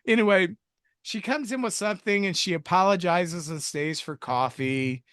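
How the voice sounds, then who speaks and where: A man's voice: sits high, moderate pace, a bit bright, clean tone, no room sound, clean studio sound. A man co-hosting a film review podcast, recapping the plot in a rambling, jokey way with self-mocking asides. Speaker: podcast co-host reviewing films. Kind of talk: casual chat recapping a movie plot.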